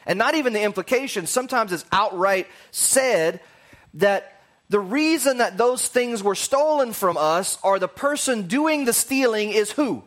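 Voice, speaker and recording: A man with a notably high voice gives a casual, conversational sermon. He rambles through his points and slips in jokey asides along the way. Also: expressive, a little slow, a bit bright.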